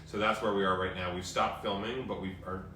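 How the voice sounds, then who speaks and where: Lower-pitched man, bright voice, chatty host, roomy distant sound. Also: fairly even intonation, brisk, a little hiss or hum. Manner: chatty, rambling with many fillers. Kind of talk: casual live-stream chat. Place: home, indoors. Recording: echoey room from a distance with faint ambience.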